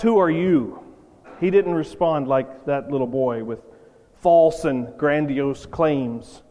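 A pastor preaches a sermon in a conversational, storytelling manner, driving home emphatic points. His voice is on the high side with a darkish tone, and the hall gives it a long reverb.

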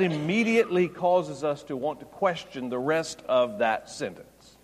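Male preacher, expository sermon, emphatic loud peaks, long hall reverb, church sanctuary. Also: mid-range voice, expressive, normal speed.

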